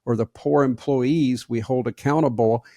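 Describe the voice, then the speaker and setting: Folksy Southern-accented man, gravelly and dry. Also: medium pitch, steady tone, normal speed, mellow, no echo. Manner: folksy, plainspoken, preachy asides to leaders. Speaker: podcast co-host. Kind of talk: casual podcast talk.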